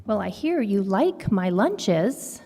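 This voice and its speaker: Woman as a soft-spoken kind mom, slow and quiet, hall reverb. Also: mid-range voice, very animated, husky, full character voice. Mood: gentle. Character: kind mother, gentle and quiet.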